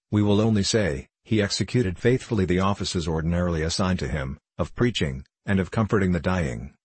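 A man reads classic literature aloud in a steady, formal, unhurried manner. His voice is low and somewhat husky, and the recording is close and dry with no room sound. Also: no echo. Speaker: audiobook narrator. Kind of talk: scripted narration of a classic novel.

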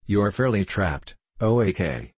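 A man's voice: fairly low pitch, big pitch swings, a little slow, darkish tone, husky, dry recording, full character voice. A man reading the part of a playful female queen of forest nymphs in a spoken storybook, gleeful and teasing.

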